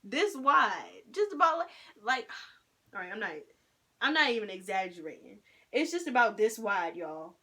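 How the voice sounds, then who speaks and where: A woman casually telling a personal story at home, animated and slangy, with plenty of swearing. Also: on the high side, moderate pace. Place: at home indoors.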